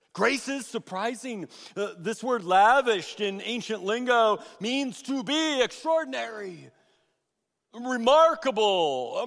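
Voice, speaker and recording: A man preaching a sermon as pastor, swinging between loud emphatic bursts and hushed asides. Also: sits high, creaky. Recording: long reverb of a large hall.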